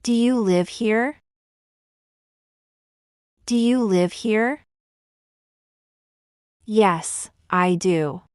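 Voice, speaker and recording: A woman teaching everyday English phrases in a slow, deliberate, scripted lesson. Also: mid-range voice, darkish tone, no room sound, studio quality. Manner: slow, deliberate, clearly enunciated.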